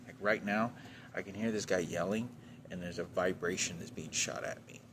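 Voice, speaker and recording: Agitated man from Texas, rambling venting monologue, deep voice, over noisy ambience. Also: steady tone, normal speed. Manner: agitated, rambling, heavy swearing, trailing off.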